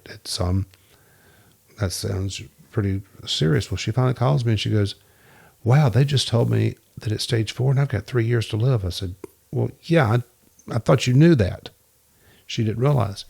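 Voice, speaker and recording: Brief: male podcast guest, low gravelly voice, chatty storyteller who plays out quoted dialogue. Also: a little mellow. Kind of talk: casual storytelling interview.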